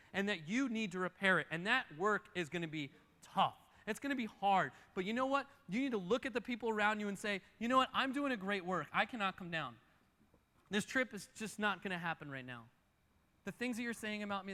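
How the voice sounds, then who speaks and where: A man with a high, bright voice preaches a sermon, hammering home his points by repeating them. His voice rings out through a large church hall with a long reverb tail. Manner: emphatic, repeats key phrases. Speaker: pastor.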